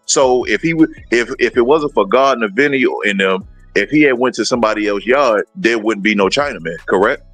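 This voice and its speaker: A man talking in a casual livestream conversation as a guest breeder, animated and telling stories, acting out what other people say. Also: medium pitch, brisk, few pauses, no room sound, faint music behind, poor audio.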